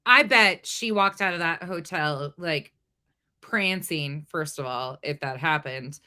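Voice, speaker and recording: A woman's voice: low-pitched, takes it slowly, pushed and bright. A woman host giving pointed, skeptical commentary on a story she plays. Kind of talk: critical commentary.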